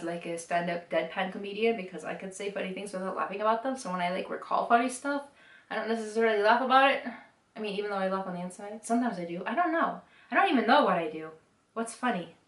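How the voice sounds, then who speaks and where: A young woman talks fast and a little low, rambling to camera with fillers and nervous second thoughts. Her voice sits back from the mic in a roomy, echoing space. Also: a bit bright, recorded from a distance. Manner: rambling, self-conscious, chatty with frequent fillers. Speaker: vlogger answering typing questions. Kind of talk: rambling casual monologue to camera.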